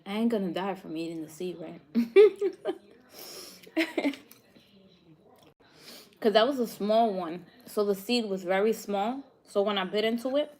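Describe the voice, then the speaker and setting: A woman's voice: medium pitch, lively intonation, a little mellow. A young woman with a New York accent, chatting casually with live viewers as a cooking vlogger, laughing often. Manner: laughs often, chatty, drawn-out slow speech.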